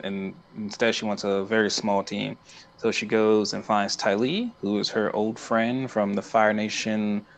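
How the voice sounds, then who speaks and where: Male co-host, chatty, laughs a lot, raspy low register. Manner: laughs often while retelling scenes. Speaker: podcast co-host. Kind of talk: casual chat.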